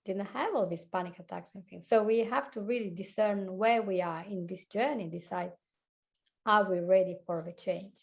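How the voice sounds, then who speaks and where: A woman with an Italian accent, a hypnotherapist and life coach, talking fast and laughing often as a guest on a video-call chat. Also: mid-range voice, vocal fry. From Italy. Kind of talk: casual chat.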